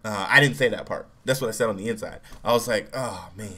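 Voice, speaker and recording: A young man telling a personal story in a relaxed, casual way, acting out quotes loudly. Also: on the low side, fast talker. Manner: relaxed, acts out quotes with raised voice.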